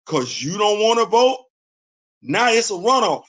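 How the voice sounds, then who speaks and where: A man's voice: high voice, big pitch swings, measured pace, fairly bright tone. A middle-aged American man hosting a show, delivering a heated, blunt political rant. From United States. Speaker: host.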